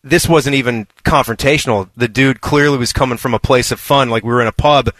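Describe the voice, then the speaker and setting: A man's voice: medium pitch, fairly quick, fairly bright tone, no echo. A man co-hosting a sports radio show, telling stories casually and laughing often. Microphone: studio mic.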